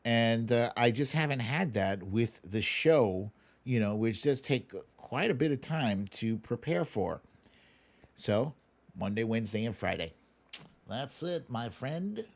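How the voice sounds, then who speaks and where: A man hosts a live stream, chatting casually as he reads out viewer comments and answers each one. His pitch moves a lot, and he fills the gaps with hums and little chuckles. His voice sits in an ordinary middle register. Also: a little slow. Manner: animated, frequent chuckles and filler hums. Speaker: livestream host.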